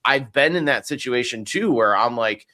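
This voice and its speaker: Bright-voiced man, blunt and halting. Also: mid-range voice, lively intonation. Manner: hesitant restarts, blunt swearing. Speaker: podcast co-host. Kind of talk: casual film discussion.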